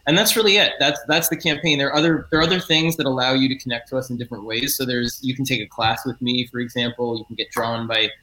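A middle-aged man with a bright, forward tone, talking at a middling pitch in a relaxed interview. He is a comic book writer who explains things at length, earnest and eager, often restarting and correcting his phrasing as he goes. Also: quick pace, few pauses, a little hiss or hum, low-quality recording. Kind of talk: casual interview talk.

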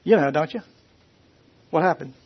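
A man preaching a conversational sermon to a Bible class, questioning his listeners in a folksy, animated way. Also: a little high, moderate pace. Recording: dull lo-fi recording.

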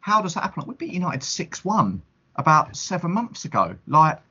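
Husky-voiced man rambling about football. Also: fairly high pitch, sing-song, normal speed, sharp tone, muffled recording. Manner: rambling, restarts, emphatic. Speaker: podcast co-host. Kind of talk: casual chat.

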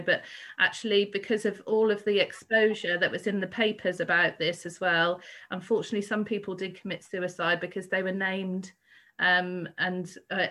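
A woman's voice: on the low side, sharp tone, poor audio. A woman co-hosting a podcast walking tour, talking in a loose, conversational way with frequent ums and restarts. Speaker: podcast co-host and tour guide.

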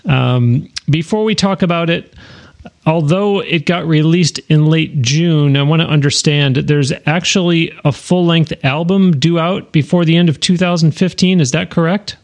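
A man hosting an interview podcast, chatty and quick to laugh. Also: on the high side. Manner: chatty, laughs often, upbeat. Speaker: podcast host. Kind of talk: casual interview.

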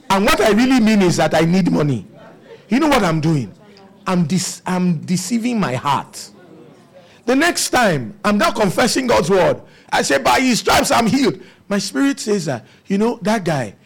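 A man's voice: high-pitched, vocal fry. A man preaching a sermon, asking the congregation rhetorical questions.

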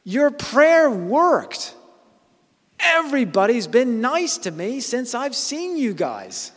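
Brief: hurried woman driver shouting from her car, put on by a man preacher, raised pitch, hall echo. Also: huge pitch swings, exaggerated voice. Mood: elated.

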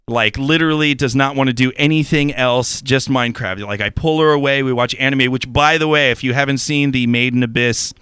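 Bright, crisp-voiced crude middle-aged storyteller. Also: male voice, mid-range voice, a little fast, hardly any pauses, no echo, studio quality. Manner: profane, animated, acts out voices in his anecdotes.

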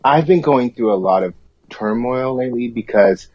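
A man co-hosting a comedic chat in a dry, deadpan and dismissive manner. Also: medium pitch, moderate pace. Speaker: co-host. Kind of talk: campy comedic banter. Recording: dull, muffled recording.

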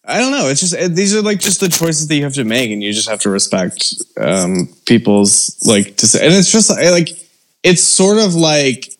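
A man co-hosting a beer podcast, speaking in a hesitant, halting way with many fillers. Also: a little high, very animated. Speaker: podcast co-host. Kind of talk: casual podcast chat.

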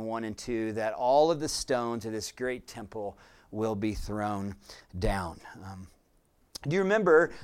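A man preaching a sermon as pastor, earnest, with frequent fillers and pauses. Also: mid-range voice, clean tone.

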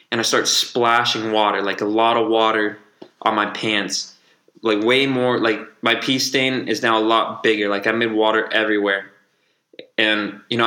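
A man's voice: fairly low pitch, pushed and bright, roomy sound. A young man hosting a casual podcast, telling a profane, rambling story full of restarts. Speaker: podcast host.

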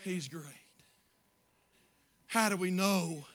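A man preaching a sermon as pastor, moving from quiet storytelling to shouted praise. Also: sits high, takes it slowly, crowd noise.

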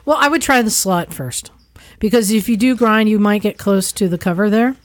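A woman's voice: medium pitch, moderate pace, no echo. A woman co-hosting a podcast, giving practical step-by-step advice. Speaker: podcast co-host. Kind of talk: casual chat.

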